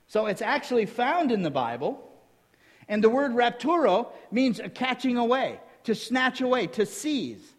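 Male preacher, high-pitched, lively teaching delivery with rhetorical questions, church hall echo. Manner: lively teaching tone, quizzes the listeners with rhetorical questions, jokes in between. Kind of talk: sermon. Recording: long hall reverb.

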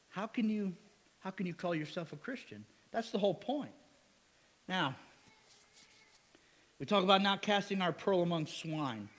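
A male pastor preaching a sermon in a lively way, asking "amen?" and chuckling with the congregation. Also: sits high, big-room sound.

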